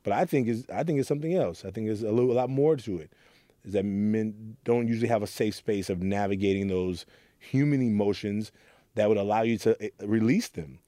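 With a brisk, warm, low voice and no echo, a man from Oakland, California who leads a youth program earnestly tells stories from his past. It's reflective interview talk, and he acts out the quotes.

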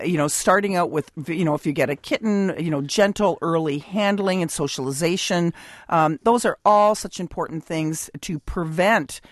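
A female veterinarian, appearing as a guest on a call-in radio show, gives advice in a lowish voice. The studio recording is clean with no room sound, and she explains things patiently despite frequent ums and restarts.

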